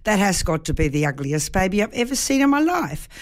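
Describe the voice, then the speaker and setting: A woman's voice: mid-range voice, sing-song, a little fast, close to an everyday voice. A woman voicing a tactless male bus driver who blurts out his remarks. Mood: blunt.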